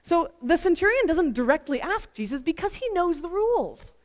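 A woman giving an expressive, emphatic Bible teaching full of rhetorical questions. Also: very high voice, moderate pace. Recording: long reverb.

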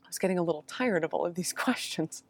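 A woman's voice: fairly low pitch, expressive, fast, dry recording. A woman playing a grieving female follower, telling her story in an intense, emotional first-person monologue. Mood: sorrowful. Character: grieving woman follower, searching and then overjoyed.

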